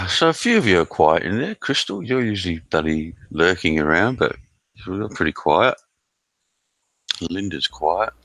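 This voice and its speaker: Laid-back Australian male streamer, very deep and forceful, dry close sound. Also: sing-song, unhurried, no room sound. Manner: laid-back, swears freely, chats with viewers. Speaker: live stream host reading chat. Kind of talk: casual live-stream chat. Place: at home in South Australia.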